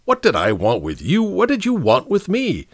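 A man's voice: sits high, wildly swooping pitch, moderate pace, pitched above the performer's own voice, exaggerated voice. Man voicing a snappish, testy detective-writer. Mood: irritable. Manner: snappish, fierce. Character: irritable male detective-novelist, testy and sharp.

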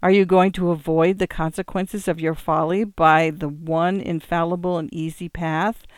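A man's voice: on the high side, little pitch movement, moderate pace, smooth, no room sound, studio quality, natural voice. A man voicing a bitter, despairing young man in an audiobook reading, with an intense, rising theatrical delivery. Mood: brooding.

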